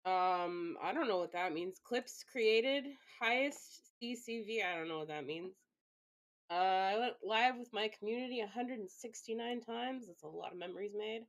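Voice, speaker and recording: A woman live streamer with a medium-pitched voice talks to herself at normal speed. Her casual chatter rambles along, full of fillers and frequent swearing.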